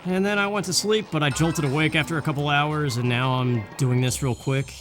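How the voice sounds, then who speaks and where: A man's voice: on the high side, steady tone, brisk. A young man hosting a let's play, giving rambling, casual gameplay commentary and thinking aloud. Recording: game music behind.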